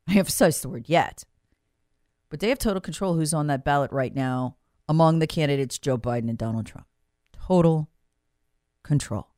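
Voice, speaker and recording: A woman's voice: low voice, animated, normal speed, pauses often, dry recording, clean studio sound. A woman hosting a talk show, giving an emphatic, sarcastic political commentary monologue and repeating words for emphasis. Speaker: talk radio host.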